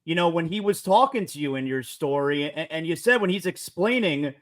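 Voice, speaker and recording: Man, host, sports talk, high voice, casual questions, hedges his wording. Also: expressive, brisk. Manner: conversational, hedging questions.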